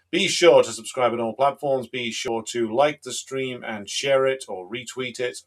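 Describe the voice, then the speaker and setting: A man's voice: medium pitch, fairly bright tone. A man hosting a live political stream, talking in an emphatic, combative way with frequent fillers. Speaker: host of a political livestream.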